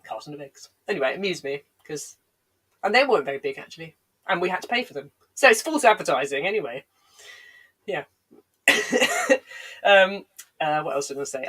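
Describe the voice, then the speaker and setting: A woman comedian livestreaming from home spins digressive, rambling comic stories with dry, self-deprecating asides. Her low, husky voice has a fairly bright tone, a touch of congestion and a lingering cough, captured in poor audio.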